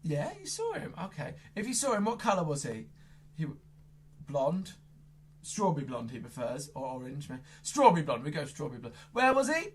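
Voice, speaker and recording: A children's entertainer doing playful magic show patter, silly and exaggerated, jumping from loud squeals to hushed asides. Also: medium pitch, sing-song, normal speed, husky.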